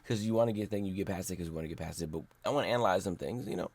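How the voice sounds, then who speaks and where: A man hosting a casual solo commentary show, rambling and animated, often slipping into mocking voices when he quotes people. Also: deep voice, racing. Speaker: podcast host.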